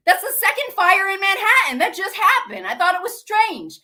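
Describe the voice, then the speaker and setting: Agitated high-voiced woman ranting. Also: very animated, moderate pace, few pauses, sharp tone. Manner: agitated, repetitive, swearing, rhetorical questions. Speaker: channel host. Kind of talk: emotional monologue to camera.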